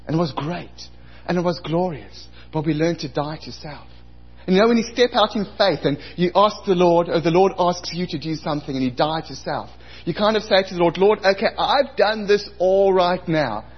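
A man's voice: fairly high pitch, fairly quick, breathy edge. A man in his forties preaching a sermon as pastor, telling stories and acting out his own past outbursts. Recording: dull lo-fi recording.

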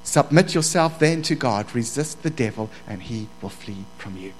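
A middle-aged man preaching a sermon, moving from quiet asides to loud, fervent passages. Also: mid-range voice, lively intonation, normal speed, poor audio. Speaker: pastor. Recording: faint mains hum.

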